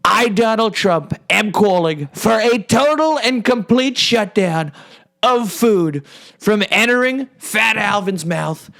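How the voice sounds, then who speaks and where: A man's voice: sits high, expressive, slow, gravelly, a bit bright, heavily acted. A comedian impersonating a brash, boastful older male politician in a rambling comedic monologue.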